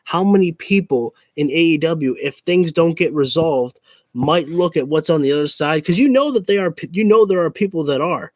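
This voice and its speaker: A man's voice: a little high, moderate pace, no echo. A man in a casual opinion rant to camera as a wrestling YouTuber, frustrated, swearing and repeating himself.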